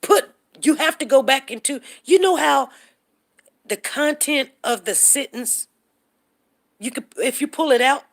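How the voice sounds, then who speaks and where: A woman's voice: high voice, a little slow. Emphatic woman host, repeating herself. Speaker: show host. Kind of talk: casual talk with a phone caller.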